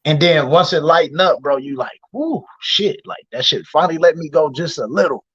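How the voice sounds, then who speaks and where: A man hosting a casual chat and telling animated, slang-heavy stories, acting out the people he quotes. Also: fairly high pitch, a little fast, husky, no echo. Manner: animated storytelling, slangy and profane, acts out quoted voices. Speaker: host. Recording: dull, lo-fi stream audio.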